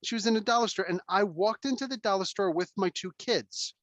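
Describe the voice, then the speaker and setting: A man hosting a casual podcast chat, telling stories in an animated, emphatic way and swearing freely. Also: high voice, brisk, dry recording, dull audio. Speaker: podcast host.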